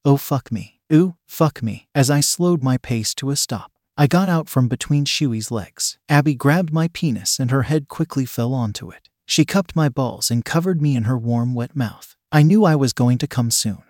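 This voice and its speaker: A man narrating a first-person story in a plain, even reading voice. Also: medium pitch, moderate pace, hardly any pauses, no room sound, clean studio sound.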